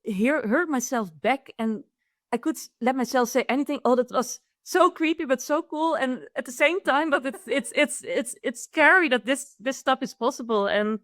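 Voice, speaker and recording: A woman with a Dutch accent and a fairly high, slightly bright voice appears as a guest AI consultant in a conversational interview. She explains things eagerly and quickly, restarting her sentences often, and the sound is dry and close with almost no room echo.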